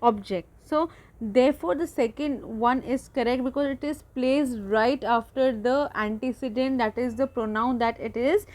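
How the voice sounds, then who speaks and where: A woman's voice: high-pitched, moderate pace, a little mellow. A woman with an Indian English accent, hosting a grammar video lecture for students and explaining step by step, repeating her example sentences. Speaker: teacher, channel host.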